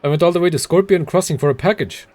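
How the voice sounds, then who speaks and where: A man's voice: fairly high pitch, fast, a little mellow, voice pushed up, natural voice. A man voicing a weary, out-of-breath man in a game, gasping and dramatic as he pleads. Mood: exhausted.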